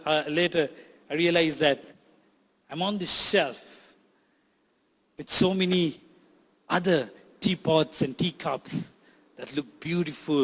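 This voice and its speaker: Man playing a frightened clay teapot, lower voice than his own, echoing in a reverberant hall. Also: a bit bright. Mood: dismayed. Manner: first-person storytelling, cries out in distress. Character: clay teapot being shaped, frightened and complaining.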